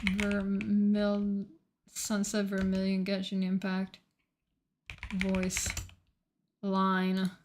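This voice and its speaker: A woman streamer talks casually to her chat at a mid pitch. She is excitable and swears freely, rambling as she hunts through her notes. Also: drawn-out words, long pauses, slight background noise.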